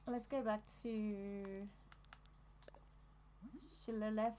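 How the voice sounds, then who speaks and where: A woman's voice: medium pitch, little pitch movement, extremely slow, warm tone, muffled recording, slight background noise. Chatty Australian woman streaming a game. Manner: chatty, easily distracted, laughs often. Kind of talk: casual live-stream commentary while decorating.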